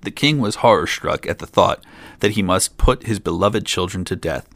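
A man's voice: lowish voice, gravelly, fairly bright tone, dry recording. A man reading an old fairy tale aloud, with dry asides of his own. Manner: reads plainly, drops in dry asides. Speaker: storyteller.

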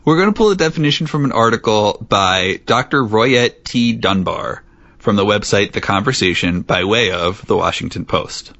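A man's voice: lowish voice, animated, normal speed, vocal fry, fairly bright tone, no echo. A man hosting a podcast in casual chat, playful and laughing often as he leads the topic. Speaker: podcast host. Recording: dry, slightly dull lo-fi sound.

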